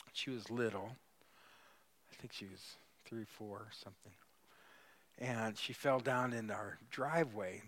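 A man preaching a sermon, telling stories with sudden loud peaks and quiet drops. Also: mid-range voice. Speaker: pastor.

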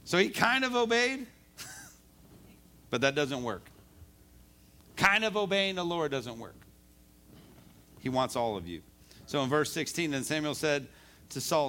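Bright-voiced man preaching casually. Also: fairly high pitch, very animated, unhurried, long pauses. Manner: conversational, repeats words, reads scripture aloud. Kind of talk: sermon. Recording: live service recording.

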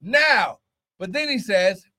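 High-voiced man preaching with fervent shouts. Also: expressive, slow pace, very noisy. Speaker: pastor. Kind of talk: sermon.

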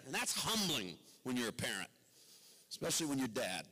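Middle-aged male pastor mid-sermon, emphatic then hushed, bright tone, long church reverb. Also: big pitch swings, fairly quick. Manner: wide swings between loud emphatic and low quiet delivery. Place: church sanctuary. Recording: long reverb of a large hall.

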